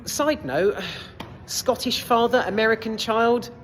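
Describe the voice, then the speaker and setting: A woman's voice: deep voice, lively intonation, a little slow, soft background music. A woman reviewing a film casually in a cinema foyer, hesitant, with many fillers and casual swearing. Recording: long reverb in a foyer.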